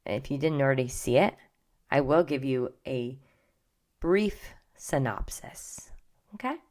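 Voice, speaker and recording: A woman's voice: rumbling low, a little fast, darkish tone. A middle-aged woman hosting a podcast, chatting casually and gossipily, often dropping into whispered asides. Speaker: podcast host. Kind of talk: casual pop culture chat.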